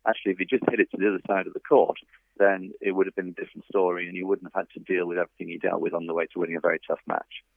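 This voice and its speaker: Guest author, male, very low gravelly voice, dry phone-line sound. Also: level tone, racing, no echo. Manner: thoughtful, anecdotal, frequent fillers. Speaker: tennis author and coach, guest. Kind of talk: interview over a phone line.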